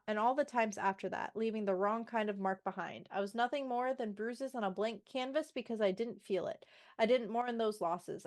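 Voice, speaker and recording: A woman co-hosting a book podcast in casual chat, sassy and swearing freely as she mocks the characters and reads passages aloud. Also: on the high side. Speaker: podcast co-host.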